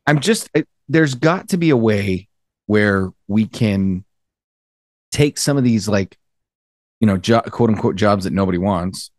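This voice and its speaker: A man's voice: lowish voice, expressive, measured pace, dry recording. Opinionated man on a dry podcast mic. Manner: opinionated, builds points by repeating phrases. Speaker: podcast co-host. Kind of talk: casual podcast banter.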